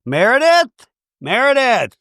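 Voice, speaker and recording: A man impersonates a flustered woman pastor, pitching his voice a little high, above his own natural range. The delivery is sing-song, unhurried, and fairly bright, in a dry, clean studio recording.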